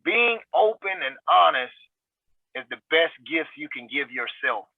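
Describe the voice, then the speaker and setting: A man's voice: a little high, very animated, measured pace, gravelly. A man giving an earnest, emphatic testimony on a talk show, repeating phrases for weight over a video call. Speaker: guest sharing recovery testimony. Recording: tinny video-call audio.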